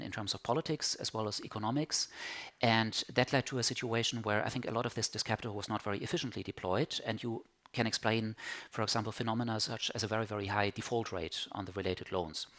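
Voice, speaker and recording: Male panelist, mid-pitched, analytical, with ums and doubled words. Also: a bit bright. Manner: analytical, with fillers and repeated words. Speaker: conference panelist. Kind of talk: academic panel talk.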